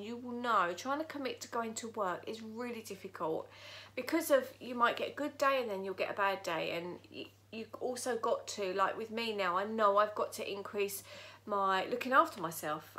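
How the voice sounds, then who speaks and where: Woman vlogger, bright tense voice, shaken but candid, talking to camera from her living room. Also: fairly high pitch. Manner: emotional, halting, candid. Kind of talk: personal vlog talking to camera.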